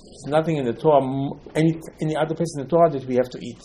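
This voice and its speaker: Man teaching a Torah lesson in halting English. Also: fairly high pitch, dark tone, a little hiss or hum, low-quality recording. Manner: repeats and asks rhetorical questions; broken, non-standard English phrasing.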